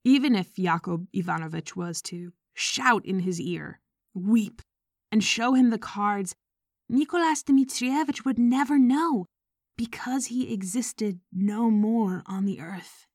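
Female audiobook narrator, slow, soft and at times whispered, dry close recording. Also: mid-range voice, dry recording.

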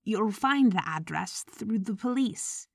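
A woman as a grieving, gentle older man in an audiobook; hushed, low and slow. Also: animated, creaky, no room sound, exaggerated voice.

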